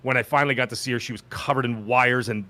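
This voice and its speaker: Animated man telling a story on a podcast. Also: quick pace. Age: adult with children. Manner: animated, acts out quoted voices with pitch jumps. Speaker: podcast host. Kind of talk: casual storytelling chat.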